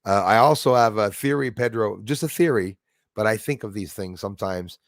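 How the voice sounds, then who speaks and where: Man, gravelly voice, dry close sound, casual live-stream chat, thanks viewers by name. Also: fairly low pitch, moderate pace, no room sound. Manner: chatty, laughs easily, thanks viewers by name.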